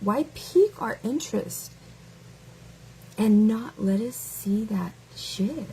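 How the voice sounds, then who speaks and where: A woman hosting a casual reaction stream in a mellow, unhurried voice, full of sarcastic, taunting rhetorical questions. She draws her words out slowly, leaning on them for effect. A faint hum of noise sits under her voice. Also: medium pitch, vocal fry, rough recording. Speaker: live-stream host.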